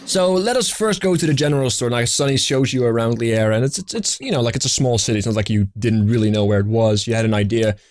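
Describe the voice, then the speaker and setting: A man's voice: mid-range voice, fast talker, few pauses, no room sound. A man narrating as game master of a tabletop role-playing game, rambling with fillers and restarts.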